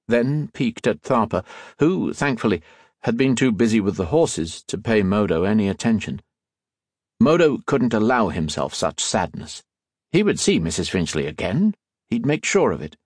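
Husky low-voiced male narrator. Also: no room sound, studio quality. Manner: expressive storytelling. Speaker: audiobook narrator. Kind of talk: scripted narration.

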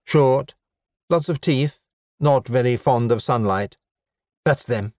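A man's voice: mid-range voice, slow pace, a little mellow, no echo, clean studio sound, close to an everyday voice. A man voicing a polite, bewildered human man with no memory, speaking mildly and apologetically in a storybook reading. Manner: apologetic, mild, matter-of-fact.

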